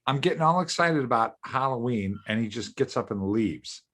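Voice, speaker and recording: A man co-hosting a podcast, talking casually and excitably, repeating himself and joking around. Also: mid-range voice, normal speed, background noise. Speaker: podcast co-host.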